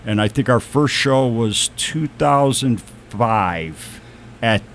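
A man who founded a band, recounting its history in a relaxed, thoughtful chat. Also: mid-range voice, slight background noise. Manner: slow, thoughtful storyteller. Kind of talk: casual chat.

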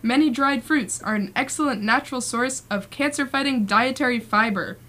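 A woman's voice: fairly high pitch, normal speed, fairly bright tone. Giggly young woman reading on air. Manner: giggly, laughing through her reading. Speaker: college radio co-host. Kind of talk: reading a radio announcement. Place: radio studio.

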